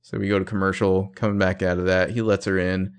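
A man with a fairly low voice co-hosts a relaxed podcast. He retells a TV episode scene by scene, slipping into the characters' dialogue as he goes. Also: fast, smooth. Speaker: podcast co-host recapping a TV episode. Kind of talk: casual chat.

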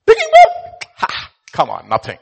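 Here is an excitable emperor in disguise, put on by a male preacher. He talks in a high, lively voice that leaps up in disbelief. The tone is bright, with a husky edge. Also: fast talker, exaggerated voice. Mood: incredulous. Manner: incredulous, exclaiming.

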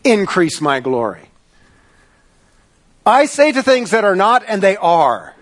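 A man's voice: high-pitched, big pitch swings, takes it slowly, voice pushed up, heavily acted. A man preaching in the voice of God, an almighty eternal creator, proclaiming in a declamatory way.

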